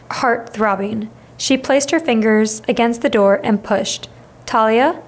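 A woman reading a children's novel aloud in a steady, expressive way. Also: fairly high pitch. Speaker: reader. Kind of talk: storybook read-aloud.

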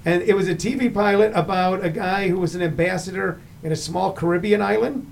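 A middle-aged man hosting a casual chat, telling anecdotes with lively acted-out quotes. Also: high voice, a little fast, gravelly, a little hiss or hum. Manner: animated storyteller, acts out the people he quotes. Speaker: podcast host.

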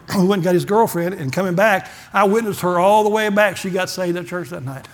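A man's voice: high voice, brisk, hardly any pauses. A middle-aged man, a pastor giving a folksy testimony sermon and acting out the dialogue in his stories. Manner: folksy storytelling, acts out dialogue, gets emotional.

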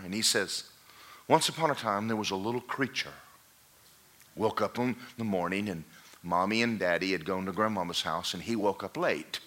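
A man preaching a sermon who tells a parable with animated storytelling and acts out the voices of its characters. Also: sits low. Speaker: pastor.

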